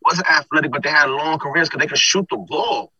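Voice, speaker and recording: A man's voice: on the high side, fairly quick, muffled recording. A man who announces streetball games, chatting animatedly on a podcast and often checking in with "you understand?". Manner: animated, re-enacts conversations in quoted voices. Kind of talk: casual podcast chat.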